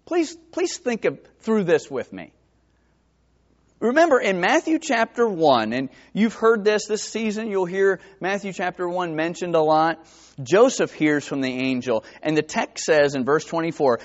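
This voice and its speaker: A man from New Jersey with a New Jersey accent, preaching a sermon that swings from hushed to emphatic. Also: on the high side, expressive, unhurried. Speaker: pastor. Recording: dull lo-fi sermon recording.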